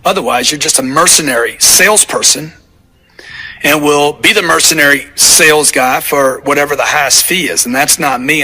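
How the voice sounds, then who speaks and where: Forceful, punchy man narrating with a husky edge. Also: fairly high pitch. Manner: emphatic, punchy, repeats key points for force. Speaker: author narrating his sales book. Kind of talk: motivational audiobook narration.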